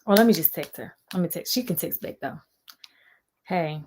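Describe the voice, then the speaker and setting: A woman's voice: on the low side, normal speed, slight background noise. A young woman, casually telling a story on a live stream and talking straight to her viewers. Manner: animated, sassy, addresses viewers as y'all.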